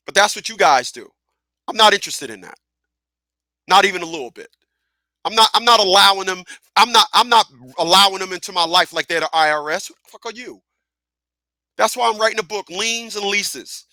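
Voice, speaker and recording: Man, radio host, bright edgy voice, dry close sound, laughs a lot, swears. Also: sits high, brisk, pauses often, no room sound. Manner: animated, profane, laughs often, repeats himself. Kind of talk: live talk radio monologue.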